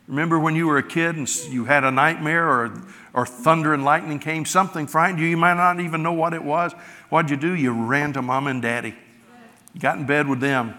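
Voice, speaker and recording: A middle-aged man preaching from the pulpit with a bright, forceful edge to his voice. He builds to loud emphatic peaks, then pulls back to a soft, intimate hush. The sound carries a long church-hall reverb. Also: fairly high pitch, brisk. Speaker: pastor. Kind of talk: sermon. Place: large church sanctuary.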